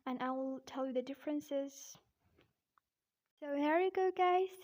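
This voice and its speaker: Chatty high-voiced woman. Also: mellow. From Pakistan. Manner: chatty, keeps saying "guys" and "okay". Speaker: English teacher, channel host. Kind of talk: casual explainer vlog.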